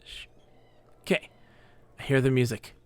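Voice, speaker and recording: A man's voice: mid-range voice, steady tone, measured pace, a little mellow, clear, resonant tone. A man streaming a game live, chatting in a goofy, joking, self-mocking way.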